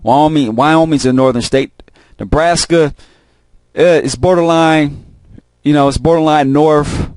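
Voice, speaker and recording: Man, rambling profane monologue, repeats himself, slightly high voice, dry close recording. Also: measured pace, darkish tone, no echo. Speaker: host of a video channel.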